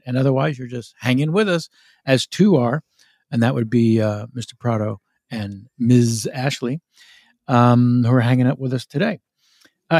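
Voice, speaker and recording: A man's voice: mid-range voice, a little mellow, husky, no room sound, studio quality. A man hosting a comedy podcast, chatting casually and reading out listener mail, often interrupting himself. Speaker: podcast host.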